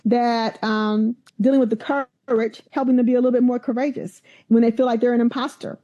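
Speaking a little fast in a slightly high voice, a woman who serves as a university president tells stories during an interview. She is an animated storyteller who performs the voices of those she quotes, and the recording has its highs cut off.

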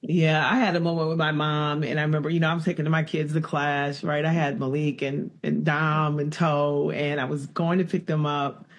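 A middle-aged woman hosting an interview, casual and expressive, laughing easily. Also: deep voice, moderate pace, few pauses. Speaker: interview host. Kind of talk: conversational interview.

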